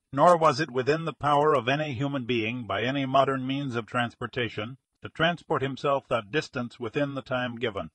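A man reading a detective story aloud in a measured storytelling manner. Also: mid-range voice, fairly bright tone, no echo. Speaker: audiobook narrator. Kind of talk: scripted narration of a detective story.

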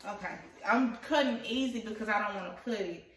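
A woman who runs a small business, chatting excitedly to her viewers while she unboxes a package, laughing often, with the camera set some way off. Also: medium pitch, a little fast, distant mic, a little hiss or hum. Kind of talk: casual vlog chat to viewers. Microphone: camera at a distance. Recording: echoey room, voice off-mic.

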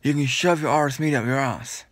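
A man's voice: mid-range voice, steady tone, fast. A young man from the UK ranting in a vlog, annoyed and rambling, with many restarts and blunt complaints. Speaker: vlogger.

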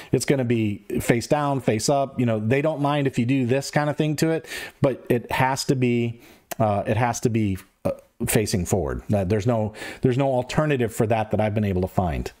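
A man's voice: mid-range voice, moderate pace, warm tone. Man explaining gear settings, plain-spoken. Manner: plain-spoken, repeats himself, folksy explanations. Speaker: host of a radio-control gear channel. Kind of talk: casual screen-share tutorial.

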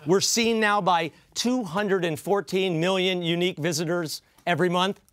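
A man's voice: sits high, fairly even intonation, normal speed, fairly bright tone, no echo. A man hosting a comedy news show, delivering a wry, joking monologue and quoting others with mock emphasis. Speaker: host.

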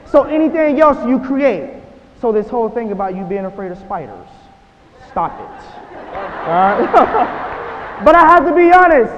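A man's voice: extremely high pitch, sing-song, a little slow. A man in his twenties gives a motivational keynote, repeating lines and checking in with the audience with "right?". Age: 20s. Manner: punchy, repeats phrases and asks "right?". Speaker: motivational speaker. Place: large hall. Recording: echoey hall, dull sound, hiss.

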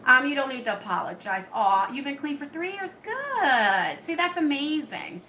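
A woman's voice: high voice, sing-song, moderate pace, sharp tone, roomy sound, slight background noise, rough recording. A woman, hosting a live beauty stream from home and answering viewers' comments in a chatty way. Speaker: beauty channel host. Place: home room under hot lights.

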